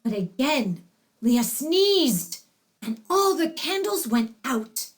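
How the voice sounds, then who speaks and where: A woman narrating a children's storybook in an expressive, animated reading. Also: high-pitched, slow pace.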